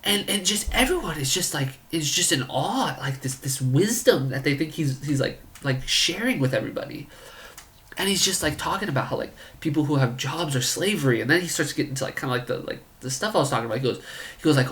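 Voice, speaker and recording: A man's voice: a little high, expressive, brisk, fairly bright tone. Rambling, incredulous male storyteller. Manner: rambling, incredulous, lots of filler "like". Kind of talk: comedic storytelling.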